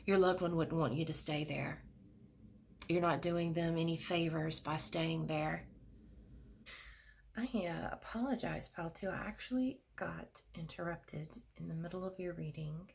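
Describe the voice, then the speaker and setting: A middle-aged woman giving a pick-a-card tarot reading at her desk at home, speaking gently and emotionally, with soothing pauses. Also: sits low, gravelly.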